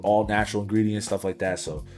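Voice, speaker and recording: A man's voice: fairly low pitch, level tone, quick pace, over music. Laid-back young man, rambling podcast chat. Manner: laid-back, rambling, says bro constantly, laughs often. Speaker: podcast co-host. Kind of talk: casual chat.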